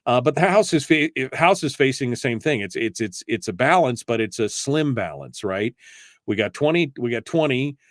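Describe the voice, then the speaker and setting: A man's voice: medium pitch, animated, moderate pace, no room sound, clean studio sound. A man hosting a casual political talk radio show, chatty and joking, with many fillers and restarts. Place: radio studio.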